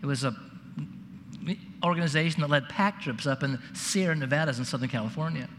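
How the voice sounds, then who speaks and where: A man with a high voice preaches a sermon, earnest and repeating words when he stresses a point. His voice rings out in a large reverberant hall. Faint ambient noise sits behind him. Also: brisk, a bit bright. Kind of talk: sermon with a told story.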